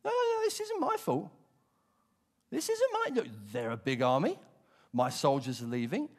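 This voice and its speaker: A British man preacher voicing a defensive young king who protests loudly and blames everyone else. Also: very high voice, huge pitch swings, a little slow, vocal fry, pitched above the performer's own voice, full character voice. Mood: whining, indignant. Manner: whining, protesting, rising to indignation. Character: defensive, self-pitying young king blaming others. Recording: long reverb of a church hall.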